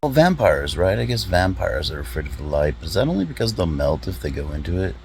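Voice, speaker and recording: A man, a comedy vlogger, rambling through deadpan rhetorical questions with drawn-out pauses. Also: low voice, creaky, a little hiss or hum, poor audio. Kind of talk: deadpan musing monologue.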